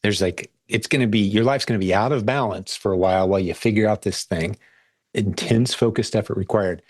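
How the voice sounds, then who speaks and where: Low-voiced, upbeat male podcast host. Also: brisk, no room sound. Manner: upbeat, restarts phrases often. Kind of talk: casual podcast chat.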